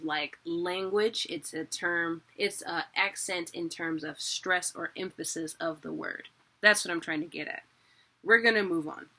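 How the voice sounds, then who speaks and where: A woman giving a casual video lesson, chatty and quick to correct herself. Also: lowish voice, bright, forceful tone. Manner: chatty, self-correcting, laughs at own mistakes. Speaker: teacher.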